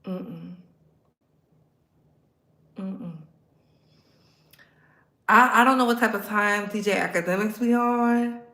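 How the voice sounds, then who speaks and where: A woman's voice: mid-range voice, slow pace, pauses often, pushed and bright, reverberant. A woman hosting a pop culture commentary show, reacting with sass and emphatic remarks. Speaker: commentary host.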